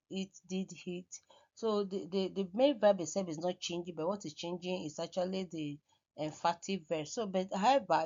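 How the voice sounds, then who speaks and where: A woman's voice: on the low side, a little mellow. Hesitant woman lecturing, muffled sound. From Nigeria. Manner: hesitant, repeats words and restarts often. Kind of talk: recorded lecture over slides.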